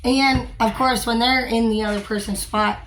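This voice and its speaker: A woman's voice: on the high side, steady tone, normal speed, a bit bright, slight background noise. A young woman, a store manager, talking frankly and rambling in a casual vlog, with many fillers and some swearing.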